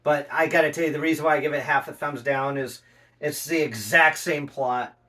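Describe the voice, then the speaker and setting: A man's voice: a little high, steady tone, fairly quick, pushed and bright. A middle-aged father in casual family chat, steering the talk with questions and frequent chuckles. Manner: leading questions, chuckling often. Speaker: father co-hosting family movie reviews. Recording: voice from a distance of the mic.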